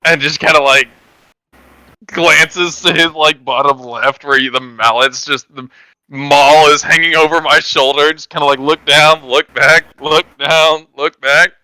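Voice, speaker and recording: A man's voice: fairly high pitch, fairly even intonation, measured pace, bright, forceful tone, clean tone, no room sound, low-quality recording. A man playing a tabletop game, describing his character's actions in a laid-back, amused way. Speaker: player.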